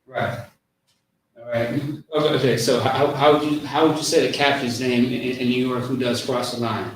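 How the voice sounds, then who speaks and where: A man teaching a religious class, coaching pronunciation with patient repetition and drawn-out sounds. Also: medium pitch, steady tone, slight background noise. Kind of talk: pronunciation lesson. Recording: very echoey room, mic far off.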